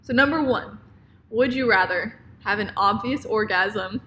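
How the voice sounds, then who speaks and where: A woman's voice: mid-range voice, unhurried, sharp tone, a little hiss or hum. A woman in her twenties co-hosting a casual chat podcast, laughing often as she talks. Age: 20s. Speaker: podcast co-host.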